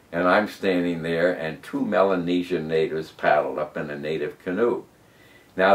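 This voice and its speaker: A man in his nineties, a war veteran telling his story in an oral history interview with emphatic rises and drops. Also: echoey room. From United States. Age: 90s. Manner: animated, emphatic storyteller who rises and drops in pitch and loudness. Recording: voice from a distance off the mic.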